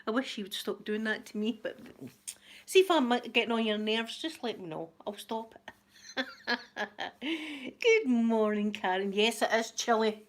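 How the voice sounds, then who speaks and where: A woman's voice: on the high side, expressive, measured pace. A middle-aged Scottish woman hosting a casual live-stream chat, greeting viewers by name and laughing often. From Scotland. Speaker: YouTube channel host.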